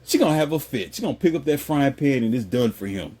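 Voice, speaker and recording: A man talking casually and with strong opinions, mocking people with quick impressions and jumping up in pitch. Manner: animated, mocking impressions, jumps high in pitch. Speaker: host.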